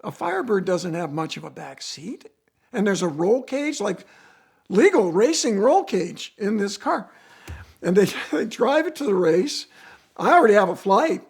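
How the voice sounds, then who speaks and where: A man, a racer, telling a casual car story in an animated, storytelling way. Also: unhurried, gravelly, husky. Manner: animated storytelling with swings in pitch and volume. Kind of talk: casual anecdote.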